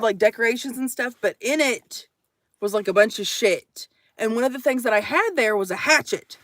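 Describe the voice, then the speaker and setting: A young woman telling a story to her camera from inside her minivan, jumping between loud acted quotes and hushed asides. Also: medium pitch, no room sound, studio quality. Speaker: vlogger.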